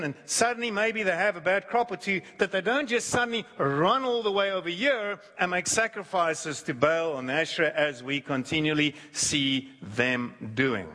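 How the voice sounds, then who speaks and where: A man preaching a sermon who acts out quoted voices, shifting his pitch and pace. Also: pushed and bright. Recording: long hall reverb.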